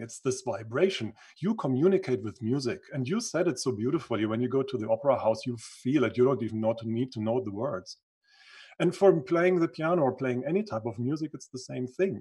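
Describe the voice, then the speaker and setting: A man's voice: medium pitch, a little mellow, slightly rough. A man who speaks English as a second language, telling his life story as an interview guest in an earnest, reflective way and sometimes searching for words. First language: not English. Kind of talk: conversational storytelling.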